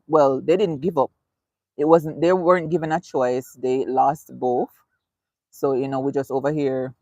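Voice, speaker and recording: A woman's voice: sits low, warm tone, no room sound. A woman hosting a casual live stream, reading viewer comments aloud, chatty and laughing often. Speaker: livestream host.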